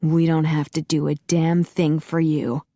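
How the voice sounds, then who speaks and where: A woman's voice: little pitch movement, unhurried, warm tone, dry recording, studio quality. A woman doing a growling, protective vampire hero. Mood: tense. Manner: low growling, tense.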